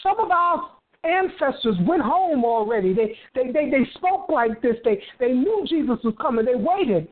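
A woman's voice: sits high, lively intonation, moderate pace, breathy edge, narrow, tinny audio. A woman preaching with fervor, breaking into hallelujahs and repeating phrases as she drives her points home. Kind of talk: fervent preaching.

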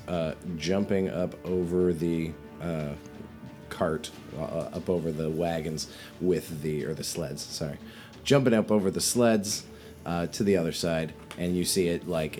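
A man narrating as game master in a tabletop game, relaxed and rambling. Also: a bass voice.

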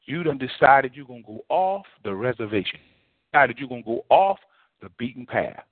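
Folksy male preacher telling a sermon story, swinging pitch widely; narrow, dry, lo-fi audio. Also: brisk, dry recording. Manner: animated, folksy, quotes others in lively voices. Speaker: preacher addressed as apostle. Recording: tinny phone-like dry sound.

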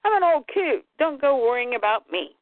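A folksy old farmer grandpa, homespun and reassuring, as a woman reads him out. The voice is fairly high and runs lively, and the recording is thin and dry like a phone call. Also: fairly quick, no room sound. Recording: dry tinny phone-like sound.

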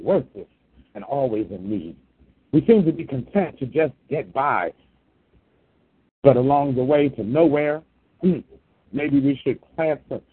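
A man's voice: mid-range voice, breathy edge. A man reciting a solemn poem at a reading in a preaching cadence. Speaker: poet at a reading. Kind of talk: poetry reading. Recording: tinny lo-fi phone-like sound.

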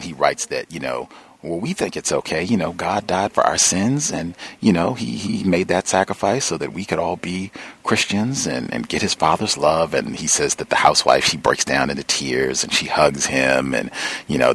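A man hosting a call-in talk program, speaking in a measured way with many filler words. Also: a bit bright. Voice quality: very deep, gravelly and husky. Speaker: talk show host.

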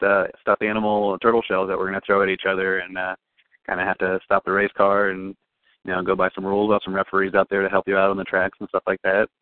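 A man with a lowish voice talks fast and rambles, full of ums as he describes his event. The sound is thin and tinny, like a phone line. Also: no room sound. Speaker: event organizer guest. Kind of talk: casual interview chat. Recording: tinny, phone-like dry audio.

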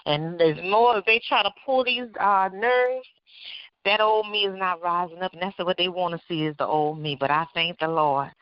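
A woman giving a fervent testimony on a prayer call, breaking into praise and soft laughter. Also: fairly low pitch, moderate pace, clean tone, no room sound. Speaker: caller sharing a testimony. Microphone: phone call. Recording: dull lo-fi phone line.

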